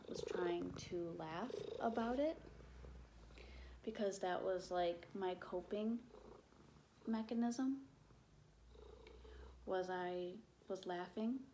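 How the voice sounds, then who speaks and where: A young woman tells a painful personal story on camera, slow and halting, padding her sentences with "like" and swearing when upset. Her voice sits on the low side, and a faint room hum runs underneath. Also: darkish tone. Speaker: vlogger. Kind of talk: emotional storytime.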